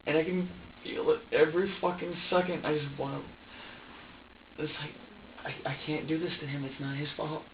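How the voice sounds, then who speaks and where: A man questioned as a suspect, talking in an agitated, halting way, full of restarts. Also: fairly high pitch, little pitch movement, slight background noise. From upstate New York. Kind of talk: police interrogation statement. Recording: echoey room, distant mic, muffled.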